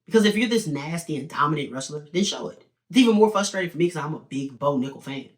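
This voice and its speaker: Give me an opinionated young man with a slightly high voice, casually talking fight predictions in quick bursts. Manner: opinionated, animated, talks in quick bursts with restarts. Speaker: sports betting and fight prediction host. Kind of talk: casual video commentary.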